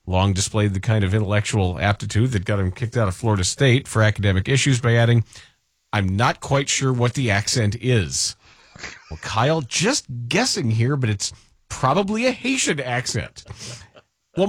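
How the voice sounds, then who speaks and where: A man's voice: medium pitch, expressive, normal speed, dry recording. A man hosting a radio show, reading listener submissions with dry, mocking sarcasm and rhetorical asides.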